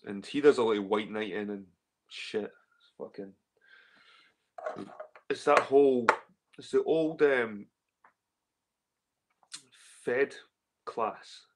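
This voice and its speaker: A man's voice: medium pitch, takes it slowly, pauses often, a little hiss or hum. Rambling, swearing Scottish man. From Scotland. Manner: rambling, swearing, repeats himself. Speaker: livestream host reading chat. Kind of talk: casual livestream chat.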